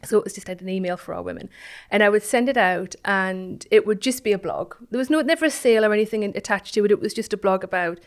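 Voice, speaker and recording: A woman, a guest telling a personal story in an interview, reflective and halting, with many restarts and phrases that trail off softly. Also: medium pitch. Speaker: guest, founder of an online business community.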